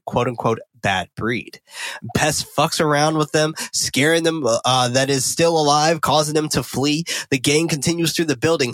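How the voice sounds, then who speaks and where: Guy on a podcast recapping a movie, talks excited and cusses a lot, middle pitch, super dry mic. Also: dry recording. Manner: excitable, swears freely, frequent fillers and restarts. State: caffeinated and talking fast. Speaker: podcast co-host recapping a film. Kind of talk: casual film recap chat.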